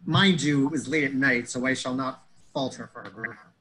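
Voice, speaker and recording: A man's voice: medium pitch, moderate pace, a bit bright, low-quality recording. A man telling a comedic story in a pedantic, wordy way, fussing over grammar and metaphors.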